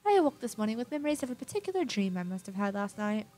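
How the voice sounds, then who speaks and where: A woman's voice: mid-range voice, big pitch swings, very fast, dark tone, faint music behind, lightly acted. A woman reading game dialogue aloud, voicing an elegant, weary noble lady in a refined, formal manner. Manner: refined, formal, a little theatrical.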